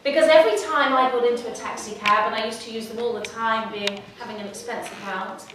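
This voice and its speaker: A middle-aged woman telling a personal story to an audience in a lively, humorous way. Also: fairly high pitch, fast, a little hiss or hum. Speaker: speaker. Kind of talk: storytelling talk. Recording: echoey hall, mic from far off.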